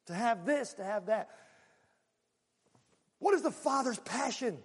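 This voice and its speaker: A male pastor preaching a sermon, moving from loud bursts to hushed asides. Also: very high-pitched, a little slow, breathy edge, long reverb tail. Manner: animated, swinging from loud exclamations to hushed asides.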